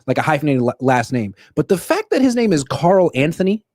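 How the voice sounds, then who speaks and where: A young man hosting a solo sports show, ranting in animated, quick bursts. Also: on the high side, no room sound, studio quality. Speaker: sports podcast host. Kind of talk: solo livestream commentary.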